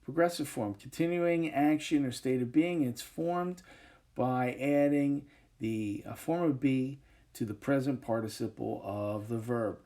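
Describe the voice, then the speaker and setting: Mellow-voiced male teacher with many fillers. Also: medium pitch, measured pace. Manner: relaxed, with many fillers and frequent "okay"s. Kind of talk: recorded grammar lesson over a whiteboard. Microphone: tablet microphone, voice-over.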